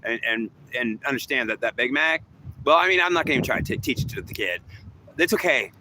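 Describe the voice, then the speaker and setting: A man's voice: mid-range voice, expressive, quick pace, sharp tone, rough recording. A man talking in a rambling, repetitive monologue, often restarting his sentences.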